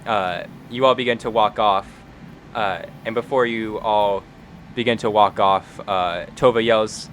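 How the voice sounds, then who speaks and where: A man's voice: lowish voice, fairly even intonation, unhurried, a bit bright, slight background noise. A man narrating as game master in a casual way, with many "uh"s and "kinda"s. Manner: casual, filler-heavy narration.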